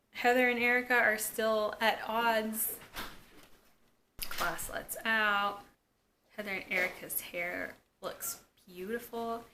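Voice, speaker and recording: A woman recapping a TV episode in a casual vlog, chatty and full of fillers and excited asides. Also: on the high side, slight background noise. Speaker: YouTube episode reviewer.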